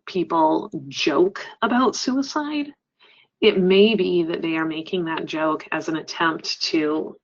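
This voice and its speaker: A woman trainer giving a webinar presentation, explaining earnestly and often pausing with "um". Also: lowish voice, muffled recording. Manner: earnest, explanatory, frequent ums. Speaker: crisis center trainer.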